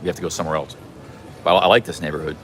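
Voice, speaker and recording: A man's voice: extremely low pitch, level tone, very fast, fairly bright tone, slight background noise. A man live-streaming a travel vlog from a busy city street outdoors, chatting in a rambling way with many restarts. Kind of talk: casual walking live stream.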